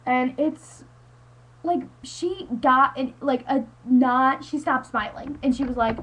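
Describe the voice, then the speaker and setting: Teen girl venting on her webcam, high voice, rambly and annoyed, like like like. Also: steady tone, unhurried, fairly bright tone, breathy edge, dull audio. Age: teens. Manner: exasperated, rambling, heavy use of "like". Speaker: high school student vlogger. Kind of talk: ranting webcam monologue.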